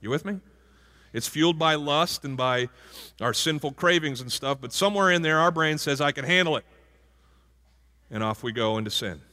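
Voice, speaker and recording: A man's voice: fairly high pitch, normal speed, bright, forceful tone. A male pastor giving a conversational sermon and asking the congregation questions. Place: church sanctuary. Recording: hall reverb from a church.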